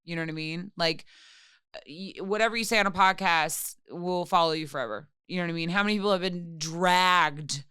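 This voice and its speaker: A woman co-hosts a podcast, musing out loud in casual chat. Her voice is fairly low yet bright and forward, and very crisp. The recording is dry and close. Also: brisk, no room sound. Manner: supportive listener, reflective, chimes in often. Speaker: podcast co-host.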